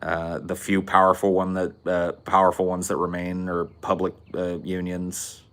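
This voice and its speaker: A man's voice: sits low, monotone, moderate pace, fairly bright tone, clear, resonant tone. A man from Central California with a Californian accent, chatting casually on a podcast, loose and profane, with lots of "like"s. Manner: loose, profane, rambling with many "like"s. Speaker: podcast co-host.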